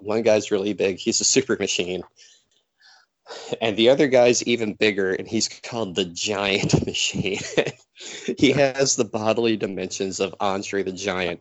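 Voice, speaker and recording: A podcast host retelling a story casually and animatedly, full of likes, on a close mic. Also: male voice, fairly low pitch, dry recording.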